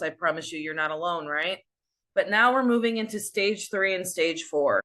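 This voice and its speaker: A woman's voice: on the low side, fairly bright tone. A woman speaking as a survivor advocate in a frank, reassuring, conversational way. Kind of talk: casual talk.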